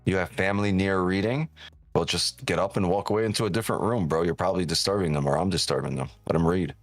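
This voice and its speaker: A man's voice: low-pitched, fast talker, dry recording, faint music behind. A man hosting a live trading stream, joking and teasing viewers in casual, profane banter. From New York.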